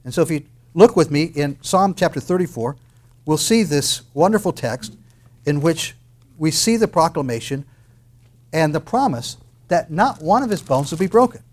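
Male preacher, fairly high voice, impassioned sermon, rhetorical questions, shifts between booming and hushed. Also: lively intonation, normal speed. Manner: impassioned, swings from loud proclamation to quiet intensity; quotes and explains scripture, asks rhetorical questions. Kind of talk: expository sermon.

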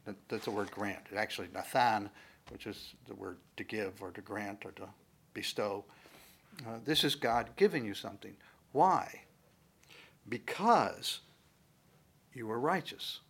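A male pastor teaching a sermon from the Bible in a conversational way, building to loud, emphatic stresses on key words. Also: on the low side, measured pace, gravelly, long pauses, breathy edge.

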